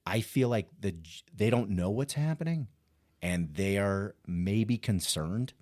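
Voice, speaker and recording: A male stand-up comedian telling a story as a podcast guest, animated and self-mocking, often laughing as he talks. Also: on the low side, a little slow. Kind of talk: casual storytelling chat.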